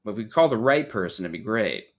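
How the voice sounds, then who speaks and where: Male podcast host, casual and profane, animated pitch, self-deprecating humor. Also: fast. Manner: joking, profane, self-mocking. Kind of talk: casual chat.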